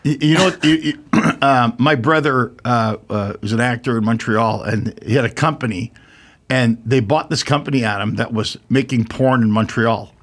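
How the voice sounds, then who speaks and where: A comedian from Canada, telling a long anecdote as a guest on a casual podcast, with lots of fillers and restarts. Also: male voice, mid-range voice, moderate pace.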